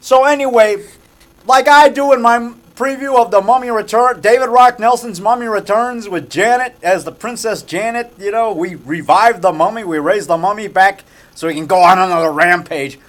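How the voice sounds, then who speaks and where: Speaking at a moderate pace with a high voice, a man who makes and acts in horror films rambles in a casual vlog. He's from the Chicago area, filming in a small framing shop, where he promotes himself and keeps repeating things like a showman.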